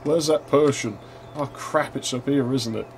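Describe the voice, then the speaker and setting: Playing a retro console game, a young man who hosts a gaming channel tells a story from school in casual commentary, laughing a lot and cursing without restraint. His voice is mid-range at a moderate pace, with a bit of hiss or hum in the audio.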